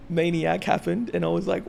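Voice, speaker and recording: A man in his twenties chatting excitedly and casually as a vlogger, full of slang like bro and dude. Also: sits high, gravelly. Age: 20s. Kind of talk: casual chat.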